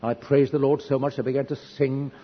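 Speaking fairly quickly in a slightly rough, mid-range voice with little pitch movement, a man preaches in a church hall. His sermon is a string of earnest personal stories laced with wry, self-deprecating humor. The recording sounds dull and echoey, with faint hiss.

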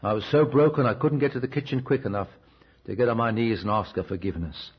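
Male preacher, mid-pitched and husky, chatty sermon style, lo-fi cassette recording. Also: fast. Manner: conversational storytelling, asks the listeners questions. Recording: dull, restored cassette recording.

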